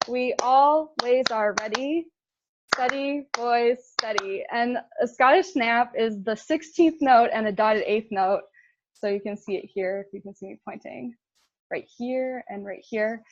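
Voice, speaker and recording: A woman's voice: on the high side, moderate pace, dry recording, dull audio. A young woman giving a casual intern presentation, chatty, with fillers and laughs at her own slips.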